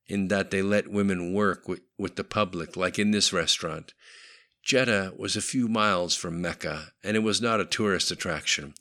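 A man narrating a novel audiobook in a steady, matter-of-fact way. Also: low-pitched.

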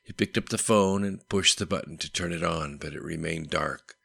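Male audiobook narrator, very low gravelly voice, crisp bright tone, dry studio sound. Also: normal speed. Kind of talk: scripted narration. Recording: dry close-miked studio voice.

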